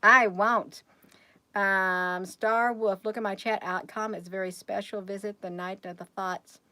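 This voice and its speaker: A woman's voice: medium pitch, steady tone, moderate pace, fairly bright tone, dry recording. A woman hosting a casual livestream, rambling and chatty as she keeps talking straight to her viewers.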